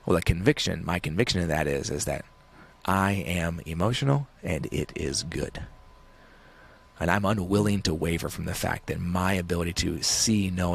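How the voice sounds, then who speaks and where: A man's voice: sits low, vocal fry, breathy edge. A man in his thirties, an author talking as a guest in an interview, intense and emphatic, repeating phrases for effect. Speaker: author and podcast host, guest. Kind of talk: interview guest on a talk show.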